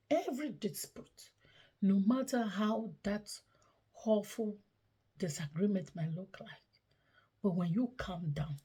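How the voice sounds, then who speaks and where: Woman host, husky tone, advice monologue with frequent hushed half-whispered stretches and slow emphatic repeats. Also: medium pitch. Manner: drops often into soft breathy half-whispers, slow emphatic repetition. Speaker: host of a relationship advice channel.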